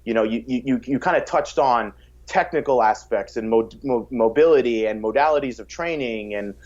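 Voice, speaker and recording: Male guest for a podcast chat, mid-pitched and energetic, restarts his phrases a lot, slightly muffled recording. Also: moderate pace. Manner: energetic, repeats words when starting sentences; acts out quotes in a raised voice. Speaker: fitness coach, podcast guest. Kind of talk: casual podcast conversation. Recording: slightly dull podcast audio.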